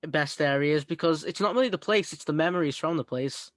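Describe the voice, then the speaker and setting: A man's voice: fairly high pitch, a little fast, fairly bright tone, dry recording, studio quality. A young man hosting a casual interview, eager and informal. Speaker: interview host.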